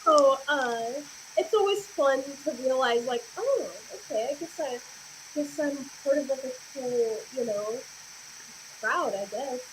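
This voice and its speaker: A woman's voice: high voice, a little slow, a little hiss or hum, low-quality recording. A woman guest on a horror podcast, chatting casually with many fillers and giggles. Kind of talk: casual chat. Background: dog nearby.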